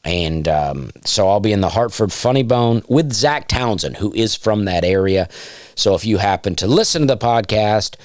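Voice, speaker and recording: A man with a smooth baritone voice, hosting a casual solo comedy podcast, rambling with dry, self-deprecating asides and plenty of fillers. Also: animated, normal speed, darkish tone, no echo. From Alabama. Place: home, during nap time.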